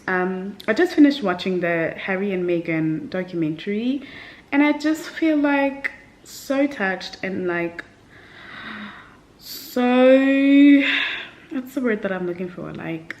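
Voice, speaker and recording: A woman's voice: mid-range voice, darkish tone. A young woman talking candidly and rambling in a personal vlog at home. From South Africa. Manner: rambling, candid, tearful at times. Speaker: vlogger. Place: home at night.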